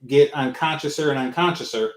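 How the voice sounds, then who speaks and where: A man's voice: a little high, fairly quick. A man co-hosting a casual reaction chat, talking loosely with many fillers. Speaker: co-host. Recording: roomy echo.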